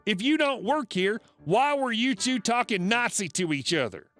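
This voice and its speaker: A man voicing a rude, demanding woman diner with a Southern US accent, talking down slowly as if to a child. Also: high voice, sing-song, fairly bright tone, faint music behind, voice pushed up. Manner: condescending, slow and demanding.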